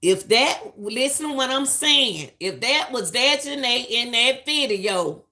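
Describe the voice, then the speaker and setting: A middle-aged woman, talking in a bright, forceful voice. She gives live-stream commentary in an emphatic, preachy way and hammers her points home by saying them again. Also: fairly high pitch, expressive, slow. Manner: emphatic and preachy, repeats lines for stress.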